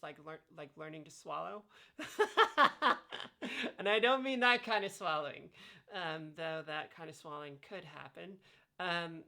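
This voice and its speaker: Woman vlogger, low-pitched with a gravelly fry, relaxed how-to talk full of fillers and sound demos. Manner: explains by demonstrating vowel sounds, many fillers. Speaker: vlogger sharing voice training tips. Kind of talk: casual instructional talk. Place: lying on her back.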